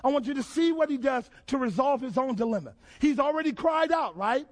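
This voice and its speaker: A man preaching a sermon, asking the congregation questions and building to shouted phrases. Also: very high-pitched, lively intonation, a little fast. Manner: preaching with call-and-response questions and rising shouts. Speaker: pastor.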